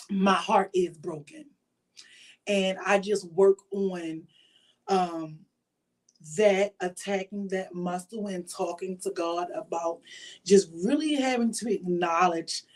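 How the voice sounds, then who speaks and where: A woman's voice: mid-range voice, a little mellow. A woman hosting her own show, talking earnestly and from the heart to the camera in a casual, faith-driven way, with frequent fillers. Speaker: show host. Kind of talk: personal talk to camera.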